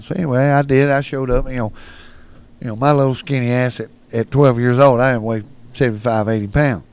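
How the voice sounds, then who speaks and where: A middle-aged man, telling profane, animated stories on a casual podcast and getting loud when quoting people. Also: medium pitch, brisk, clear, resonant tone. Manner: profane, animated, swings loud for quoted lines. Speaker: storyteller guest.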